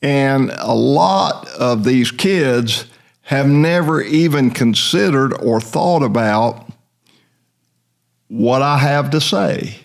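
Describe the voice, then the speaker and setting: A man's voice: medium pitch, creaky. An older man hosting a casual podcast chat, rambling along in a folksy storytelling way. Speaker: host.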